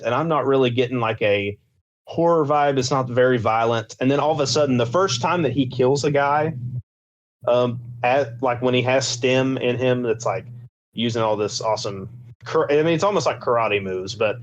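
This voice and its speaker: A young man co-hosting a podcast, gushing about films in a casual, rambling way full of fillers. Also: medium pitch. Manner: enthusiastic, rambling with many fillers. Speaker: podcast co-host. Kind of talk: casual chat. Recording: slightly dull lo-fi sound.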